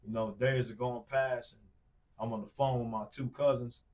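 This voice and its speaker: Brief: man, forties, from Wisconsin, podcast guest storytelling, loose slang, mid pitch, recorded a bit off-mic. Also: steady tone, normal speed, darkish tone, slight background noise. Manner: loose, slangy, many fillers and repeated "bro". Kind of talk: casual storytelling chat. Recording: distant mic.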